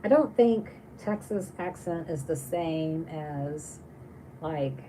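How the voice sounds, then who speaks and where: This livestream host has a low-pitched, dark-toned voice, animated yet slow in pace, in a low-quality recording with a little hiss or hum. She reads out viewer comments and chats casually in a rambling way with many restarts.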